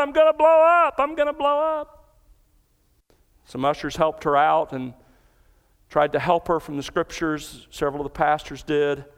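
Male pastor, sermon delivery, resonant and clear tone, big reverberant church. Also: fairly high pitch, fairly bright tone. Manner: earnest expository preaching, cites scripture references.

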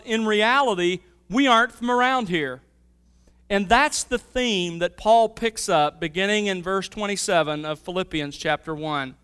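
High-voiced, smooth-toned male preacher. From Mobile, Alabama area. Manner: storytelling with a lively, varying delivery. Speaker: pastor. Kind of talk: sermon.

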